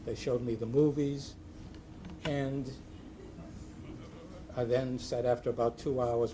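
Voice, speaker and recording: A man's voice: medium pitch, level tone, measured pace, pauses often. An older man, a judge, telling humorous anecdotes at a ceremony with dry storytelling and punchline timing. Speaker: retired judge giving a speech. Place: ceremony hall with a live audience. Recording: noisy hall recording.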